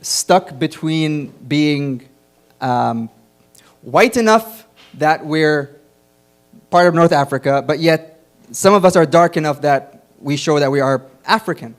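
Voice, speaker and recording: A man's voice: on the high side, slow, pauses often. A man from Egypt hosting an open mic comedy night, bantering and teasing between sets on stage. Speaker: comedy show host. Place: small comedy venue on stage.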